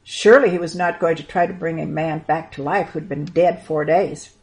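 A woman's voice: deep voice, fairly even intonation, normal speed. Woman reading a Bible story to children.

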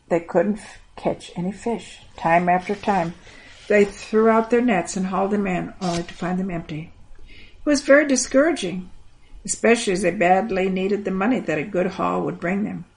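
A woman's voice: mid-range voice, gravelly, low-quality recording. Woman telling a children's Bible story. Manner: gentle, expressive reading with an affectionate sign-off to kids. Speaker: children's program host.

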